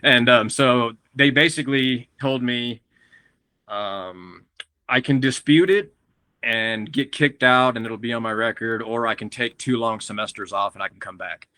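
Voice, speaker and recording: A man from Texas, a guest on a podcast, telling stories in a lively, casual way, often laughing and acting out what others said. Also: mid-range voice, unhurried, no room sound. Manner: animated, acts out quotes of others, laughs often. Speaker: guest grower and breeder.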